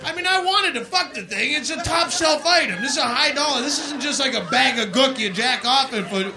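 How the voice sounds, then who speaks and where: A man performing a live stand-up set, telling crude stories in a rant and shouting his punchlines from a club stage. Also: very high-pitched, lively intonation, brisk, crowd noise, background noise. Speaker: stand-up comedian. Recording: live club set with loud audience laughter.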